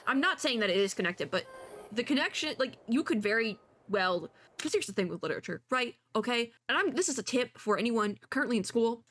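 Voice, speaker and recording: Brief: lively, higher-pitched woman VTuber, chatty reaction talk, soft music underneath. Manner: excitable, chatty, gushing reactions. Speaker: VTuber reacting to an animated short. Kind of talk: casual reaction commentary. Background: faint music from the video.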